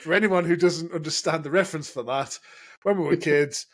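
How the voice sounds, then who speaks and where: A podcast co-host chats casually, joking and laughing often. His voice is a little high and his pace brisk.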